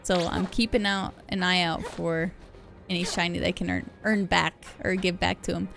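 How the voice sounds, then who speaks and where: A woman's voice: lowish voice, fairly even intonation, normal speed, creaky, a bit bright, faint music behind. Giggly young woman streaming a game. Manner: giggly, chatty, self-deprecating. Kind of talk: casual live gameplay commentary.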